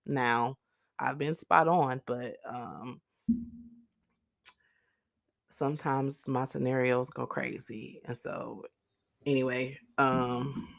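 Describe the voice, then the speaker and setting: Woman rambling on her podcast, low gravelly voice, dry close sound. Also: fairly even intonation, slow pace, no echo. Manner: earnest, rambling, heavy on "like" and "literally"; speaks directly to listeners. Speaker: podcast host. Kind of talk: casual faith-based monologue.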